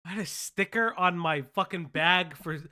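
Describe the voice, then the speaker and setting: A woman's voice: lowish voice, normal speed, pushed and bright. A woman hosting a commentary stream, talking bluntly and swearing often. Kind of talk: casual commentary.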